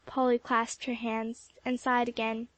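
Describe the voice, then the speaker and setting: Female storybook narrator, steady read; a fairly high voice, dry booth sound. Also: a little slow, no room sound. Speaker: audiobook narrator. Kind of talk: scripted narration.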